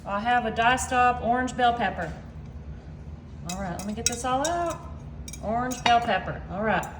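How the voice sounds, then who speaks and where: A woman hosts a home cooking video. She chats in a folksy, friendly way straight to her viewers, and her voice sits high. Her kitchen sounds echoey, with faint room noise behind her. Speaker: home cooking channel host. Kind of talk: casual cooking demo chat.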